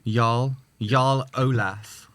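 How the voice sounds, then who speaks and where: A man's voice: mid-range voice, steady tone, drawn-out words, fairly bright tone, no room sound. A man co-hosting and playing in a casual, jokey chat. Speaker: podcast co-host, player.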